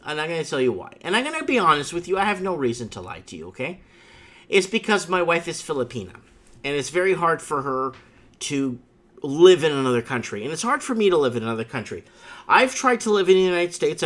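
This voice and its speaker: A man's voice: a little high, big pitch swings, quick pace, a bit bright. A man hosting a livestream, chatting with a caller and telling stories in a rambling, emphatic way with frequent asides. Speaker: livestream host. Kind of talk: casual chat with a caller.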